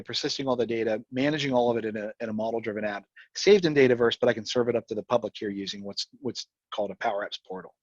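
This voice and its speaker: A man walks through a software demo at a rapid clip, restarting his sentences as he goes. His voice is a little husky, and the sound is dull and dry, like audio from an online meeting. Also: mid-range voice, dry recording. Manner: fast, rambling, restarts often. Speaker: presenter. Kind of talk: live software demo talk.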